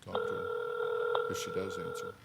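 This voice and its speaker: A man's voice: sits low, monotone, normal speed, vocal fry, very noisy. A man hosting a daytime talk show, asking pointed, probing questions of his guests.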